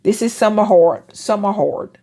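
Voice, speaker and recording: A woman, hosting a casual motivational talk and acting out quoted friends in higher voices. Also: measured pace, warm tone. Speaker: host.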